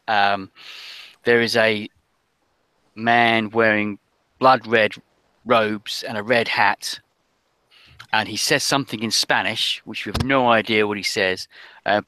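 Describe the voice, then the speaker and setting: A man narrating as game master of a tabletop game, describing scenes hesitantly with many pauses and restarts. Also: on the low side, bright, forceful tone, clean tone, no room sound.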